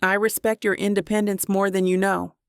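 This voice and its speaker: Woman narrator doing a rich young man, low and firm, reassuring, gravelly edge, dry close sound. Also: flat delivery, a little fast, dry recording, close to an everyday voice.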